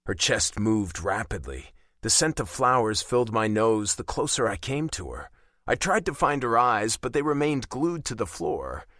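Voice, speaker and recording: Male romance narrator, animated delivery, dry close read. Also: lowish voice, no echo. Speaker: audiobook narrator. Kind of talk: first-person romance narration.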